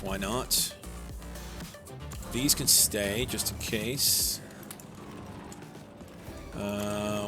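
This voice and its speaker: A young man casually talking through a live game stream, rambling and answering chat. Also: on the low side. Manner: rambling, chatty, reads chat aloud. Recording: background game music.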